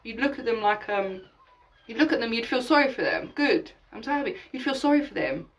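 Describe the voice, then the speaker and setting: High-voiced woman preaching from the mic. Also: lively intonation, fairly quick, far from the mic, low-quality recording. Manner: emphatic and preachy, swears casually, acts out imagined dialogues. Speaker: spiritual teacher hosting a live session. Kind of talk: live-streamed spiritual talk.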